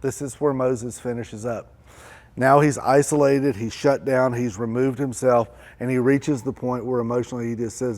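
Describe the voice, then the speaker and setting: A man preaching a church sermon, acting out desperate pleas with rising intensity and then dropping low and quiet. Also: fairly even intonation, moderate pace. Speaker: pastor.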